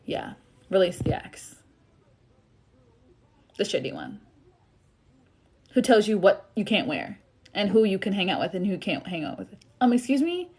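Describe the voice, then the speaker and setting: A woman's voice: medium pitch, expressive, unhurried, long pauses, a little mellow, husky. Chatty young woman giving a tarot reading. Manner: chatty and sassy, laughing often. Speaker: tarot reader. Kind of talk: live-stream tarot reading. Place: home, live stream.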